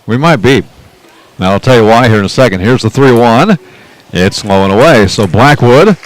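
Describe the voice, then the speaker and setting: A man doing play-by-play radio commentary for a baseball game, chatting and reading trivia between pitches. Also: low-quality recording. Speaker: play-by-play announcer.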